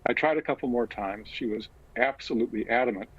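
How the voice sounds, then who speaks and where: A man talking as a guest in an interview, recounting a personal story in a halting, reflective way with frequent pauses. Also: mid-range voice, a bit bright, husky, lo-fi sound. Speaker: guest author.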